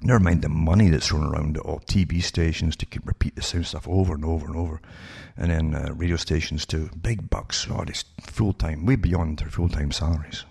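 Gravelly low-voiced sardonic man. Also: steady tone, brisk, hardly any pauses, darkish tone. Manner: sardonic, rhetorical questions to listeners. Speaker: political commentator. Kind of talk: monologue reading and commenting on news articles.

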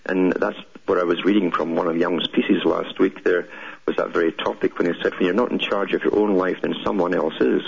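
A man's voice: deep voice, gravelly, husky. An older man hosting a call-in radio show, explaining at length and telling stories to a caller. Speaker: radio talk show host. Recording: muffled radio broadcast audio.

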